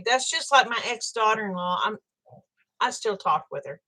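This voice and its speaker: Older woman with a fairly high voice. She talks to her livestream viewers in a blunt, fired-up way and swears freely as she chats. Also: expressive, moderate pace, sharp tone. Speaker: livestream host. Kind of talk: casual livestream chat with viewers.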